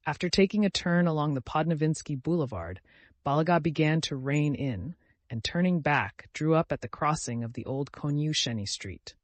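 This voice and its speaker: A man narrating an audiobook in a measured storytelling voice. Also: on the high side, no room sound. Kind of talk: scripted narration.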